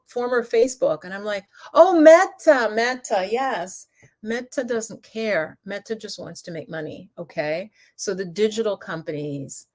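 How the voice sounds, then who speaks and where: A woman's voice: fairly low pitch, a little mellow. A middle-aged woman hosting a casual live stream, chatting with viewers, reading out their comments by name and laughing often. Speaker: yoga and mindfulness channel host. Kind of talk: casual livestream talk reading chat comments.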